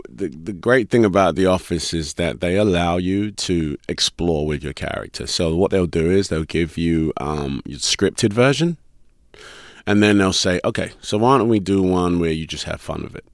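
A British man talks through an interview in an easy, chuckling way, leaning on ums and you-knows. His voice sits very deep and low. The sound is close and dry, with no room around it. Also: normal speed, no echo. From Britain. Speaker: actor guest. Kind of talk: casual interview chat.

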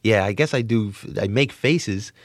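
Man, from New Jersey, comedian guest, very deep, gravelly, rambling, excitable, dry close sound. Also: no room sound. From New Jersey suburbs. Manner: rambling and excitable, quick bursts and restarts. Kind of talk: casual interview talk.

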